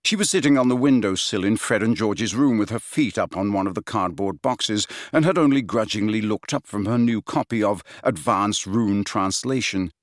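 A man reading a novel aloud as narrator, with expressive delivery. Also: fairly low pitch, normal speed, hardly any pauses, dry recording, studio quality. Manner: expressive reading, many character voices. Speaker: audiobook narrator. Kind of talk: scripted narration.

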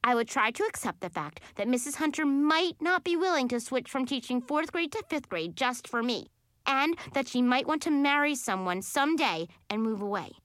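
Expressive woman, children's book narrator, bright and very lively. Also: high voice, normal speed, no echo, clean studio sound. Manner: animated, expressive. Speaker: audiobook narrator.

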